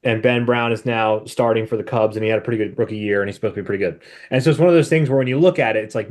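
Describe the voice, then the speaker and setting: A man's voice: on the low side, rapid-fire, darkish tone. An American man co-hosting a podcast in casual chat, rambling and laughing often. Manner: rambling, laughs often, frequent "you know". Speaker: podcast co-host.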